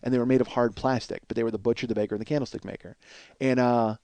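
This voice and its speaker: Speaking very fast in a mid-range voice, a Chicago podcast host in his forties tells a long, profane, meandering story for comedy. There's no echo, and he turns animated once he's worked up.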